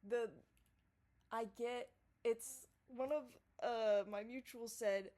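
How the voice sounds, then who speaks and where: A woman's voice: a little high, slow pace. Rambling, profane woman vlogger. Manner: profane, rambling, swings between mumbling and loud excited bursts. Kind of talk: rambling casual monologue. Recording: distorted audio.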